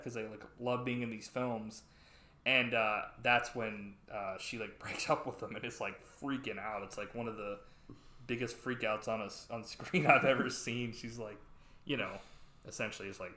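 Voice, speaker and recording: A male podcast host with a mid-range, steady, bright, forceful voice talks a little fast as he casually recaps a movie. His rambling chat is full of "like" and swearing, and the recording has a roomy echo.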